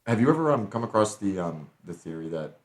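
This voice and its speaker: A man guesting on a podcast in casual chat, joking with quick profane remarks. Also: on the low side, sing-song.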